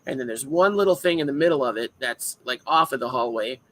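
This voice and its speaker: A man co-hosting a casual podcast chat, an animated storyteller who acts out his own shouts. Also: mid-range voice, fast, rough recording. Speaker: podcast co-host.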